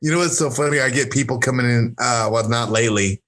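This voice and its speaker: A fight coach appearing as a podcast guest talks quickly in a mid-range, fairly bright voice. Brash and rambling, he swears freely and fills his casual chat with "like" and "you know."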